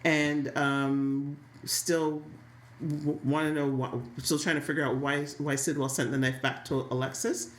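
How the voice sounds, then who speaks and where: Woman co-host, lowish voice, chatty recapper, roomy echoey sound. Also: little pitch movement, unhurried. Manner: chatty, recaps scenes, laughs easily. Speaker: podcast co-host. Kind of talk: casual chat about a soap opera.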